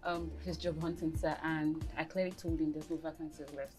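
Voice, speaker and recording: An actress playing a curt, dismissive office receptionist. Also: female voice, deep voice, little pitch movement, brisk, darkish tone, faint music behind, lightly acted.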